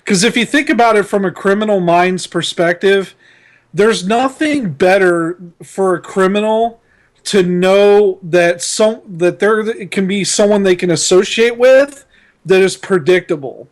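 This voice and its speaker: High-voiced man in laid-back chat. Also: unhurried. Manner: laid-back, laughs often, repeats words. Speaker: podcast co-host. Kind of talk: casual chat.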